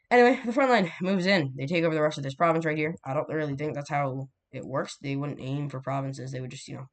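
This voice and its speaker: A man giving casual commentary over a war map animation, rambling and correcting himself with jokey asides. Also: on the high side. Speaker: map video narrator.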